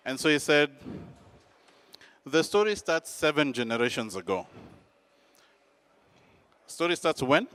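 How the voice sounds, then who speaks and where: A man telling a personal story in an animated, dramatic, self-mocking way. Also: medium pitch, no echo.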